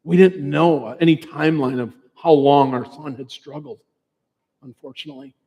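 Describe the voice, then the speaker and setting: A bereaved father in his fifties gives an earnest, conversational personal testimony in a large presentation hall, with long hall reverb on the recording. His voice sits on the high side, steady and mellow at a moderate pace, with vocal fry and a breathy edge.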